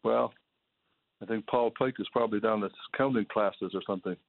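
Caller: older man in his 70s, hoarse, exasperated, keeps repeating himself; tinny dry phone audio. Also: lowish voice, fairly quick, no echo. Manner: exasperated, pleading, repetitive outbursts. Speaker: caller, charity manager. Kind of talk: call-in radio complaint. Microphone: telephone.

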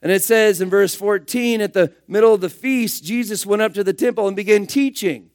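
A man preaching a sermon, firing rhetorical questions and swinging between loud emphatic bursts and hushed asides. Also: sits high, a little fast, dry recording, studio quality.

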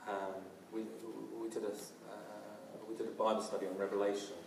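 A man's voice: on the low side, flat delivery, normal speed, slight background noise. A man preaching a sermon earnestly, often restarting and using fillers. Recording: roomy, from a distance.

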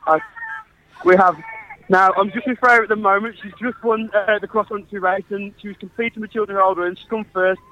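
Excited man reporting fast over a dull phone line. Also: sits high, slight background noise. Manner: quick, excited, filler-heavy reporting. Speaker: teacher reporting from a school race. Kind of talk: live outside broadcast commentary.

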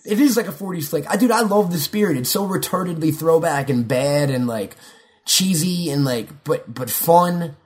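A young man with a slightly high voice talks in a loose, rambling way, cursing often and tripping over restarts. He jumps from story to story and slips into quoted lines as he goes. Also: normal speed. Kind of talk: casual chat.

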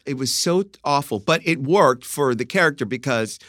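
A man's voice: medium pitch, expressive, moderate pace, fairly bright tone, no echo. Podcast co-host guy, playful and wry, voice swoops around a lot, dry sound. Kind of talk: casual chat.

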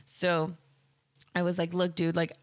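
A woman talks straight into a close, dry mic, hosting her own podcast. Her voice sits a bit low, and she rambles candidly, padding her sentences with "like" and restarting often. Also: completely flat delivery, unhurried, no room sound. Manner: candid, rambling, heavy use of "like". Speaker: podcast host. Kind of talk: casual solo podcast storytelling.

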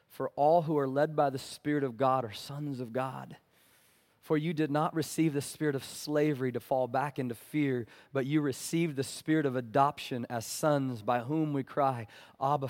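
A man preaching a sermon as pastor, swinging from loud pleading passages to hushed ones and calling for amens from the congregation. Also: mid-range voice, moderate pace. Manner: calls for "amen" from the congregation.

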